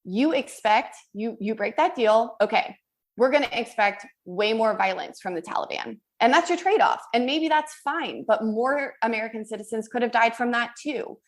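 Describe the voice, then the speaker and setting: A woman's voice: fairly high pitch, moderate pace. Thoughtful woman co-hosting a podcast. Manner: thoughtful, conversational, weighs both sides. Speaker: podcast co-host. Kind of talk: political discussion.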